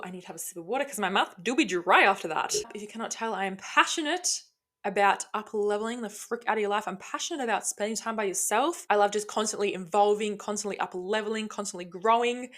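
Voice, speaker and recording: A woman's voice: medium pitch, fast talker, fairly bright tone. A woman hosting a casual solo podcast, rambling bluntly with frequent swearing and lots of enthusiasm. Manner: enthusiastic and self-talking. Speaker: podcast host.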